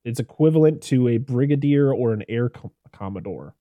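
A man's voice: medium pitch, animated, brisk, no room sound, narrow, tinny audio. A man co-hosting a film podcast, chatting casually and retelling scenes while laughing often. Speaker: podcast co-host. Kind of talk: casual film-review chat.

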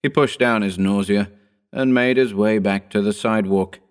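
A man narrating a horror story as an audiobook, measured and slowing for grim details. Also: fairly low pitch, steady tone, smooth.

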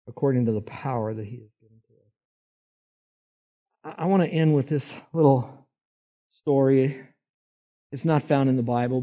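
A man's voice: mid-range voice, lo-fi sound. A man preaching a sermon, folksy and emphatic, posing rhetorical questions to his listeners. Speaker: pastor.

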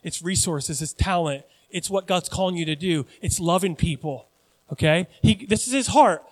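A pastor in his forties preaching a sermon with animated, joking, self-deprecating asides. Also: high voice, normal speed, big-room sound.

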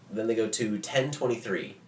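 Lively man in an echoey room. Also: on the low side, moderate pace. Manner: animated, swearing, laughing, acting out characters. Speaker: podcast co-host. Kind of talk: casual chat recapping a movie. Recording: roomy echo, distant mic, faint background noise.

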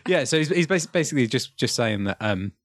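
A man's voice: medium pitch, animated, fairly quick, dry recording, clean studio sound. A young man hosting a podcast, chatting casually and rambling, with restarts and chuckles. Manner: rambling, self-interrupting, chuckling. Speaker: podcast host. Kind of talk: casual chat.

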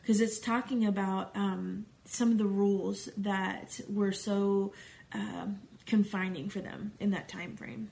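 A woman's voice: medium pitch, creaky. A middle-aged woman reading scripture aloud and stopping for chatty, conversational commentary as a Bible study teacher.

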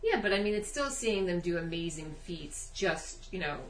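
A woman in a casual family podcast chat, talking in a relaxed, easygoing way. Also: on the low side, normal speed. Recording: echoey room, mic at a distance.

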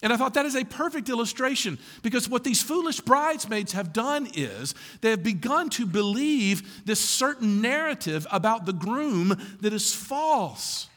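A man preaching a sermon to a congregation, animated and full of rhetorical questions, often laughing through his lines. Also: very high voice, normal speed, hardly any pauses, in a large hall. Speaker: pastor.

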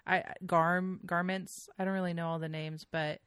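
Low-voiced woman telling rambling stories. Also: little pitch movement, normal speed, a bit bright, smooth, no room sound, clean studio sound. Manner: chatty storyteller with frequent fillers and swearing. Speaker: podcast guest. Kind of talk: casual chat.

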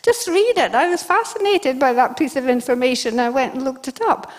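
A woman with a high voice preaches a sermon to her congregation. She tells the scripture stories with animation and acts out the lines of the people in them. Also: brisk. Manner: animated storytelling, acting out quoted speech. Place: church service before a congregation.

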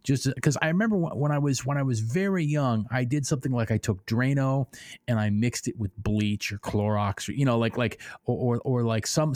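A man's voice: medium pitch, darkish tone, dry recording. A man co-hosting a casual podcast, telling a rambling story full of restarts and fillers. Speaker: podcast co-host. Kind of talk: casual chat.

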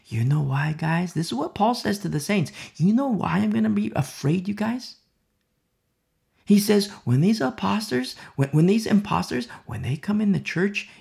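Preacher guy, super gravelly voice, swings up and down a lot, repeats himself hard, says you see a lot. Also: a little high, a little mellow. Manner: emphatic and repetitive, rhetorical "you see?", drops to near whispers. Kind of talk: sermon.

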